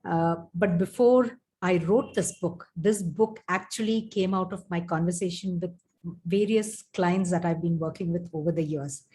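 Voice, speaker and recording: A woman's voice: fairly low pitch, moderate pace, warm tone. A woman guest on an interview, a life coach and author, speaking fluently and agreeably. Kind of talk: interview conversation.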